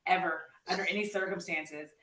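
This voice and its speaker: A woman hosting a casual chat, animated and blunt, laughing often and swearing freely. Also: fairly low pitch, fairly quick, background noise. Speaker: host. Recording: echoey room, mic at a distance.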